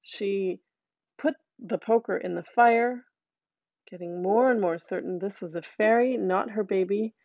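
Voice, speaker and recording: A woman telling a folktale aloud in a lively, conversational way with asides to listeners. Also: medium pitch, unhurried, no room sound, highs cut off. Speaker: storyteller.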